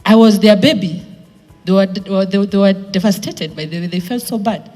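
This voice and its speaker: A Kenyan woman telling a live audience her career story, animated, mixing Swahili into her English and acting out what people said. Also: mid-range voice, moderate pace, long reverb tail, faint music behind.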